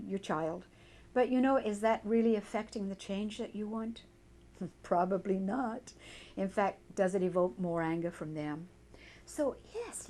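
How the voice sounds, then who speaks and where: Mellow-voiced woman guiding a tapping session. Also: mid-range voice. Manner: gentle, instructive, repeats phrases for the listener to say along. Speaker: EFT tapping practitioner.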